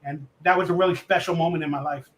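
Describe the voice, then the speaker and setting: Excitable male interview guest with a bright, high voice; roomy sound. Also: fast, slight background noise. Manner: excitable, acts out quoted voices. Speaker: actor guest. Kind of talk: animated storytelling in a live interview.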